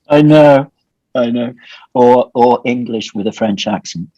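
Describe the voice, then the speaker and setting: A man's voice: mid-range voice, slow pace, mellow, no echo, muffled recording. A man guesting on an interview over a remote call, telling dry, wry anecdotes. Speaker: guest, tea company co-owner. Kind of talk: casual interview chat.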